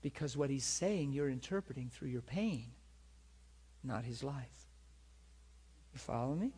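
Husky-voiced man preaching a sermon. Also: medium pitch, expressive, measured pace, mellow. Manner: earnest, asks listeners if they follow. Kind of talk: storytelling sermon.

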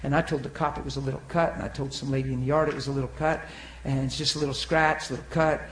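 Animated preacher man in an echoey room. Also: mid-range voice, fast talker. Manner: animated, swings between loud and hushed. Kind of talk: sermon testimony storytelling. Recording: echoey room with faint noise.

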